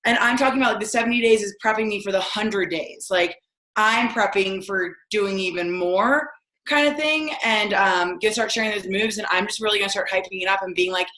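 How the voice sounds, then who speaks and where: A woman with a sharp, bright voice joins a video call while she works out. She rambles breezily and loads her talk with fillers. The room around her sounds echoey. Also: medium pitch, a little fast. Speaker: team coach sharing a plan. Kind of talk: casual chat on a video call.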